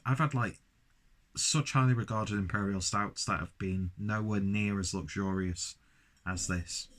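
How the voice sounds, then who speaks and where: A young man with a London accent talks through a beer review in a casual solo monologue. His voice sits a bit low, and he rambles with enthusiasm, breaking off into jokes at his own expense. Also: a bit bright. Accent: London English. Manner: enthusiastic, rambling, self-mocking asides.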